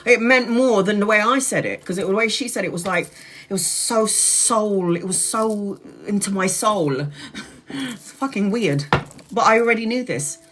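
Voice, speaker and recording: A woman's voice: mid-range voice, unhurried, a bit bright, slight background noise. A woman giving a live-streamed tarot reading, chatty and blunt, swearing casually as she talks. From Brazil. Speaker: tarot reader.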